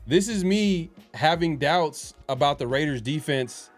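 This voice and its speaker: A man's voice: mid-range voice, moderate pace, hardly any pauses, faint music behind. A man hosting a casual sports podcast, rambling with lots of fillers and restarts. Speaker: podcast host.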